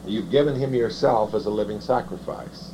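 A man preaching a sermon, reading scripture slowly and then explaining it in halting, self-correcting phrases. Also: fairly low pitch. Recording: dull lo-fi sound with faint noise.

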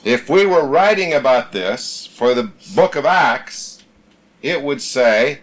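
A man's voice: mid-range voice, animated, slow. A man leading a small-group Bible study, teaching emphatically, repeating his points and reading scripture aloud.

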